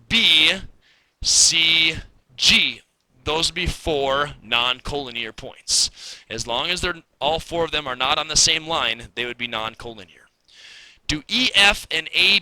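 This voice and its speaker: Casual male teacher, bright and slightly high voice, patient step-by-step explainer for a recorded class lesson. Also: low-quality recording.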